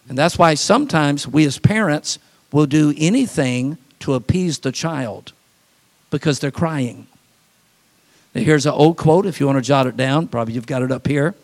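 A man preaching a sermon as pastor, folksy, with quick asides and acted-out voices. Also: on the high side, lively intonation.

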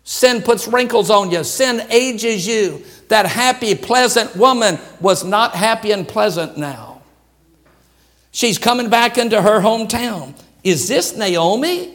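High-voiced animated man preaching. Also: a little slow. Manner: animated preaching that swings between shouts and hushed asides. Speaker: pastor. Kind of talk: sermon.

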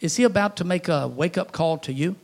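Preacher from Louisiana, male, high-pitched, folksy sermon storyteller, loud-to-hushed delivery. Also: brisk, vocal fry. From Louisiana, USA.

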